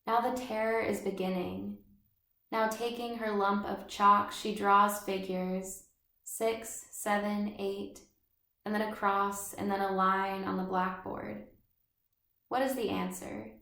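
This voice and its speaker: A woman reading the part of a timid, frightened, dreamy schoolgirl in measured literary narration. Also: medium pitch, fairly even intonation, gravelly, bright, forceful tone, exaggerated voice. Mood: fearful. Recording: roomy echo.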